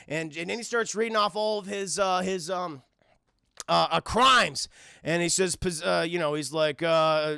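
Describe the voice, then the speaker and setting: A man streaming a casual, profane, animated film recap, constantly calling out to his chat. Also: high-pitched, unhurried, gravelly, clear, resonant tone, no echo, clean studio sound.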